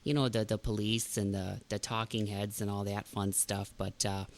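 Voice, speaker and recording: A man's voice: fairly low pitch, little pitch movement, moderate pace, lightly acted. Man putting on a folksy northern Midwestern lady. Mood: folksy chatty. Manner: rambling, folksy, lots of fillers. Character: chatty older Midwestern woman, folksy and motherly.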